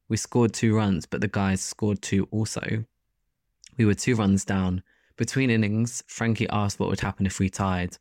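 A man narrating a first-person story as an audiobook in a steady, even delivery. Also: lowish voice, normal speed, no echo, clean studio sound.

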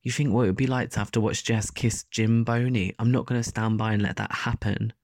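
A man reading the part of a tough, angry woman softball player who growls and threatens. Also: fairly low pitch, fairly even intonation, a little fast, close to an everyday voice. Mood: menacing. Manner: growling, menacing.

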